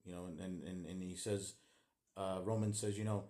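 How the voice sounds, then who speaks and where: A man's voice: deep voice, normal speed. Man animatedly recapping a wrestling show. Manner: animated play-by-play retelling with fillers. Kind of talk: casual recap monologue.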